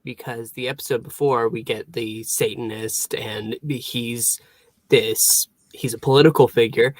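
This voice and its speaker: A man's voice: mid-range voice, fairly bright tone, no room sound. A man co-hosting a casual review podcast, rambling as he recaps scenes. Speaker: podcast co-host.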